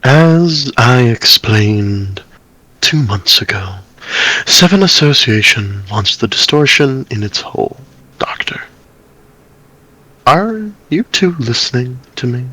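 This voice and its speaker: A man voicing a calm, smug, scheming man in an amateur story reading, speaking in a measured, half-whispered way. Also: mid-range voice, breathy edge, no echo, full character voice, poor audio. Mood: explaining.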